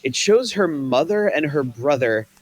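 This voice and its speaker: A man's voice: on the high side, animated, measured pace. Man reading stage directions. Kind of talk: table read narration.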